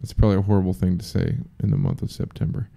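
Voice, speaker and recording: Low gravelly man rambling casually. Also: steady tone, racing, warm tone. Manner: rambling, profane, jokey. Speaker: podcast host. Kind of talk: casual solo podcast chat.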